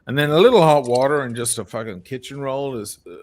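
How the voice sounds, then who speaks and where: A man's voice: mid-range voice, fast talker, darkish tone. A tired, slightly drunk man with an Irish accent, hosting a loose chat, swearing freely and laughing. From Ireland. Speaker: podcast host. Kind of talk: casual late-night chat.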